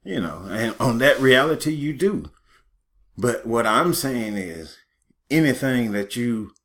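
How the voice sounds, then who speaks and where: A man hosting his own small channel, talking loosely and guiding a meditation exercise, with many "you know" fillers. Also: fairly low pitch. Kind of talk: unscripted spoken guidance.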